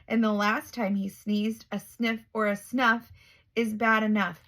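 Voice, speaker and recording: A woman reading a rhyming children's picture book aloud, expressive and measured. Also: mid-range voice, rough recording. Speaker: storyteller.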